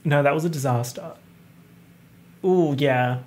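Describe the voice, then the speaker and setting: A young man hosting a casual solo podcast, talking in an animated, campy way and swearing freely. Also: on the high side, unhurried. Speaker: podcast host.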